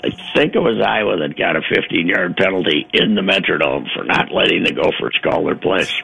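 An older man calling into a sports radio show, chatting casually and rambling with many pauses and fillers. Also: low voice, lively intonation, vocal fry, bright, forceful tone, breathy edge, rough recording. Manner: rambling, halting with many uhs.

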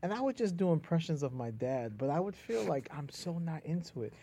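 A New York man talks loosely and jokingly, laughing often as he tells his stories. His voice sits a bit high for a man but has a warm, mellow tone. He sounds like an easygoing guest in casual conversation. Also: big pitch swings, fairly quick, slightly rough. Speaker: guest, comedian and playwright.

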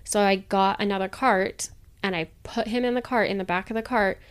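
A woman's voice: medium pitch, a little fast, clean tone. A woman guest on a podcast, chatting casually and acting out what other people said as she tells a story. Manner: animated storyteller, acts out others' lines.

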